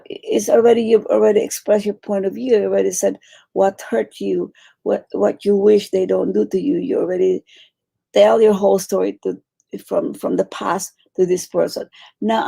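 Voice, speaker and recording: Gravelly, husky woman teaching meditation. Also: medium pitch. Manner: warm coaching, repeats phrases, acts out quoted pleas. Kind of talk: teaching a guided meditation class.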